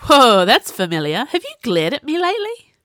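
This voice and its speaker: A woman's voice: high voice, wildly swooping pitch, moderate pace, fairly bright tone, dry recording, pitched above the performer's own voice, heavily acted. A laid-back, teasing young musician with a cocky streak, read by a woman narrator. He talks easily, unbothered, in an audiobook read close and dry. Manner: easygoing, teasing. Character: cocky young male drummer mage.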